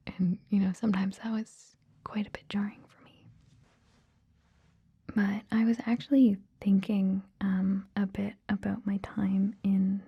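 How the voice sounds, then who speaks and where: Slow breathy whispering woman. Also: medium pitch, little pitch movement, warm tone, lo-fi sound. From Canada. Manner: slow, drifting, with many ums. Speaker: ASMR creator. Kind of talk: whispered ASMR rambling. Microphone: close ASMR microphone.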